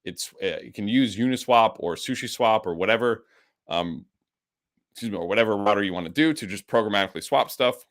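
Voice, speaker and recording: A man with the hiccups, teaching a live coding lesson with an enthusiastic, energetic way of explaining. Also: fairly low pitch, brisk. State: has the hiccups. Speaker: instructor.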